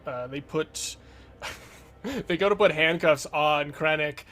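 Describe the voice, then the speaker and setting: A man's voice: fairly high pitch, takes it slowly, a bit bright. A man narrating as game master of a tabletop game in a loose, rambling way, with lots of fillers.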